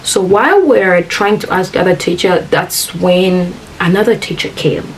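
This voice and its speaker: A woman's voice: fairly low pitch, moderate pace. Earnest woman telling her story. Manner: earnest, addresses viewers as "guys", acts out quoted dialogue. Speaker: vlogger. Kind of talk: emotional storytime retelling. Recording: distant mic with faint hiss.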